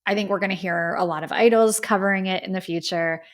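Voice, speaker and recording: A woman's voice: medium pitch, fairly even intonation, quick pace. A woman hosting a casual music review podcast, talking in an effusive, heartfelt way and often saying "like.". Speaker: podcast host.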